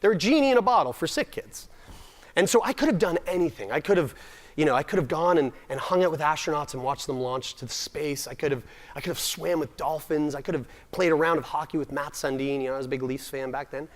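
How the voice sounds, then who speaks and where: A man's voice: a little high, fast. Self-mocking young man telling stories on stage. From Nova Scotia, Canada. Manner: self-deprecating, comic timing, frequent restarts. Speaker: summit speaker. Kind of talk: humorous personal storytelling talk.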